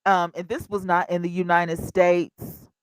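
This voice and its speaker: A woman in her fifties hosting a casual livestream, chatty and animated, talking straight to her viewers. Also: on the low side, measured pace, smooth, no room sound, poor audio. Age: 50s. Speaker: livestream host.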